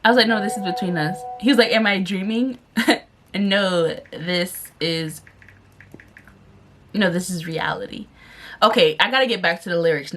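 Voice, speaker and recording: A young woman vlogging a text prank on her boyfriend, chatting casually, giggling and reading song lyrics out slowly. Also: medium pitch, a bit bright. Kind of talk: casual vlog narration.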